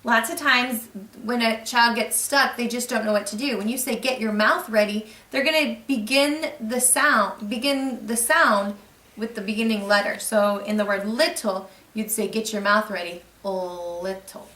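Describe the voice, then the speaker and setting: Bright-voiced woman teaching reading, echoey room. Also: on the high side, steady tone, normal speed. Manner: patient, encouraging, explanatory. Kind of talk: instructional demonstration for parents. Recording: echoey room, mic far off.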